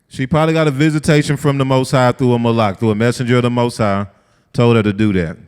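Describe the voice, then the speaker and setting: A man teaching a lively, conversational sermon-style lesson and asking his group questions. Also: mid-range voice, fast talker, clean tone. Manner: lively, talks straight to the group, asks them questions. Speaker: Bible study teacher. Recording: long hall reverb.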